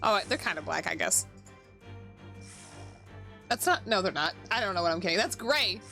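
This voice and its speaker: A young woman streaming a video game, reading its dialogue aloud and reacting loudly, with exasperated outbursts and swearing. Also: mid-range voice, lively intonation, moderate pace, gravelly. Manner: loud exasperated reactions, swearing, frequent laughter. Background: background music.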